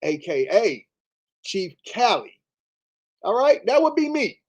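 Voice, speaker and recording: A man's voice: high voice, very animated, slow, breathy edge. A man hosting a commentary show, reading out text messages and answering them with emphatic repetition and rhetorical questions. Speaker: show host.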